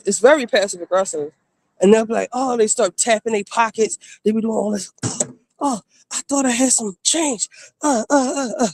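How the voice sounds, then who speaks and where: A woman streamer telling casual stories in a blunt, animated way, acting out the people she quotes. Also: medium pitch, no echo. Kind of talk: casual storytelling.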